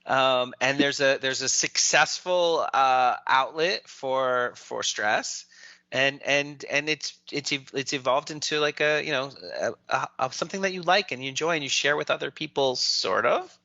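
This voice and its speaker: A man co-hosting a casual podcast chat, talking in a halting way and restarting often as he reaches for words. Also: medium pitch, pushed and bright, no echo. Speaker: newspaper podcast co-host. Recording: dry, slightly dull lo-fi audio.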